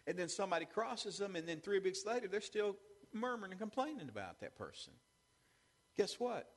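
A male pastor preaches in a high, expressive voice that swings widely in pitch. He peppers his sermon with asides to the congregation. His voice rings out with the long reverb of a church sanctuary. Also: brisk. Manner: animated preaching with call-and-response asides.

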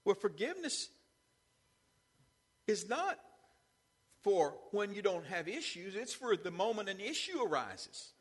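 High, animated preacher in a reverberant hall. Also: male voice, a little slow, long pauses, breathy edge. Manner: animated preaching with call-and-response asides. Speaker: pastor. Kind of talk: sermon. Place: church sanctuary.

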